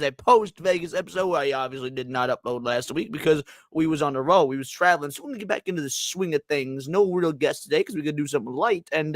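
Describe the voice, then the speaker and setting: A man's voice: on the high side, a bit bright, no echo. A man hosting a casual livestream podcast, joking loosely and greeting chat viewers by name. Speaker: podcast host.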